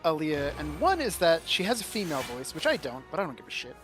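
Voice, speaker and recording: A man's voice: on the high side, big pitch swings, fast, a bit bright, soft background music. A man chatting casually as a player in a tabletop game, rambling and self-deprecating. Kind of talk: casual chat.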